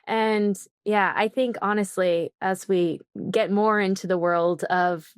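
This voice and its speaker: A woman's voice: medium pitch, fairly even intonation, slow, smooth, no room sound, studio quality. A woman co-hosting an interview podcast in a chatty, enthusiastic way. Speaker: co-host.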